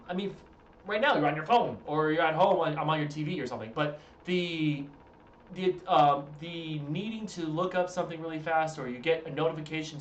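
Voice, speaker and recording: Tired, rambling male streamer in a roomy echo. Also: a little high. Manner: rambling, chatty, self-interrupting. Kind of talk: casual live-stream chat. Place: room at home.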